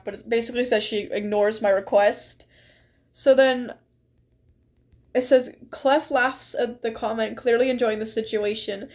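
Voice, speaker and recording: A young woman streams a game, chatting casually and reading the story text aloud with frequent giggles. Her voice is on the high side with a darkish tone.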